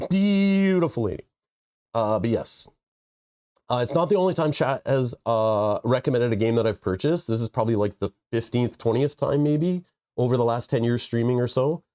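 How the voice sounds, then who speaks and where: A livestream host with a medium-pitched, darkish, slightly fast voice rambles casually as he thanks his viewers. He sounds congested and nasal, and he tosses in joking asides.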